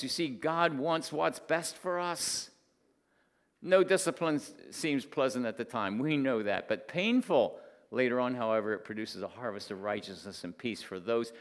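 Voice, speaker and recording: A man preaching a sermon, moving between loud emphatic points and quiet, confiding stretches. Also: medium pitch, animated, normal speed. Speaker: pastor. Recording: long reverb of a hall.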